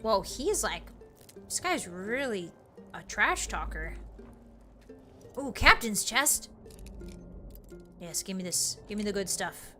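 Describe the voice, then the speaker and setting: A woman streamer giving excitable, casual commentary while playing a game, bursting into exclamations and now and then slipping into playful pirate talk. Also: medium pitch, slow pace, long pauses, faint music behind.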